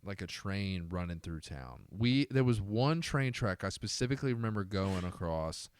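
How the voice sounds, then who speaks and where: Deep-voiced man, lively rambling chat. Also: moderate pace, clean tone. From Alabama, US. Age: young adult. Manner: rambling, animated storyteller. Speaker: podcast co-host. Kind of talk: casual chat.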